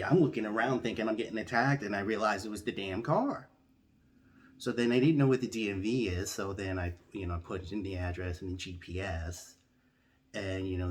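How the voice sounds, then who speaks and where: A man narrates an absurd comic story in a lowish, conversational voice. When he quotes his own reactions, his pitch leaps into an incredulous, high-pitched squeal. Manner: animated, jumps to a high-pitched outraged squeal when quoting himself. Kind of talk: comedic storytelling monologue.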